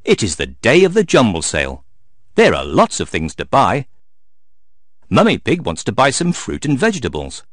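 A man narrating a storybook aloud in an expressive, sing-song way. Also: medium pitch, moderate pace, no echo, studio quality.

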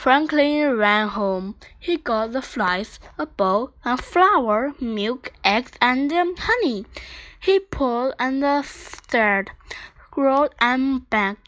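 Slow, gentle woman reading a storybook. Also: sits high, lively intonation, low-quality recording. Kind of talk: reading a children's picture book aloud.

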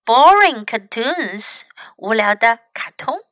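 A woman whose native language is Chinese, teaching English as a teacher and reading lines aloud with clear, careful enunciation. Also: fairly high pitch, expressive, slow, a bit bright, dry recording, rough recording. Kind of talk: bilingual read-aloud lesson.

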